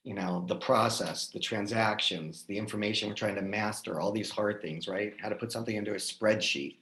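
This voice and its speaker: A man talking casually as a guest, telling personal stories in an animated way and often checking in with "right?". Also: on the low side, a little fast, a little hiss or hum, poor audio. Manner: animated, lots of restarts and "right?" tags. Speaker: guest speaker. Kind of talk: casual conversational storytelling.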